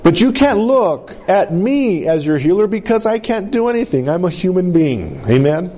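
High-voiced preacher telling a story. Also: male voice, sing-song, mellow. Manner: slow, dramatic storytelling with sweeping pitch drops. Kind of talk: sermon storytelling.

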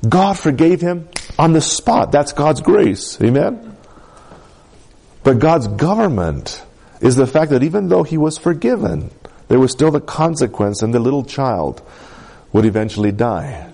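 A male preacher delivers a conversational sermon and often asks the congregation to respond. His voice is warm and mellow, and his pitch swings widely. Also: big pitch swings, a little slow, creaky, slightly rough.

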